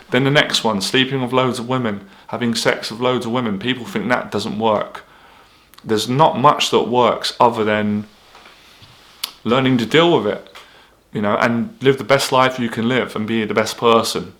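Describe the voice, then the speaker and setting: Speaking straight to camera in a motivational vlog monologue, an anxiety coach is blunt and candid and swears freely. He has a mid-range, fairly bright voice.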